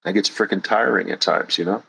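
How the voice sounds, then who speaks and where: A man hosting a show, giving a blunt, forceful monologue with swearing for emphasis. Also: sits low, a little fast, creaky, slightly rough, rough recording. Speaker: host. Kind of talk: impassioned monologue.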